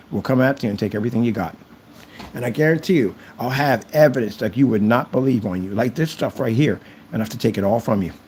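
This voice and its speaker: Boastful taunting man with a lively voice. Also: mid-range voice, slight background noise. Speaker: channel creator reviewing projector screens. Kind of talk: ranting to camera.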